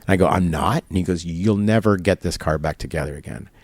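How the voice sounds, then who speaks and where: Low-voiced man retelling a story animatedly. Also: fast, dry recording. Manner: animated retelling with quoted dialogue and laughs. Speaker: interview guest. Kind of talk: storytelling in casual conversation. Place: barber shop.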